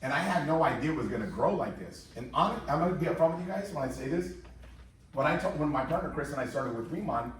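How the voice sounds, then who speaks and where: A man in his fifties giving an energetic, repetitive motivational sales presentation to a live audience in a large room, rallying the crowd. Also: on the high side, fast talker, a little hiss or hum. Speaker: company presenter. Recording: very echoey hall, mic far off.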